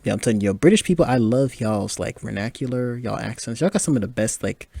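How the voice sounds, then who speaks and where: Gravelly and dark-toned, slightly rough, this twenty-something man hosts a podcast about movies, chatting loosely, laughing a lot, and leaning on fillers. His pitch is medium, his intonation lively, his pace a little fast.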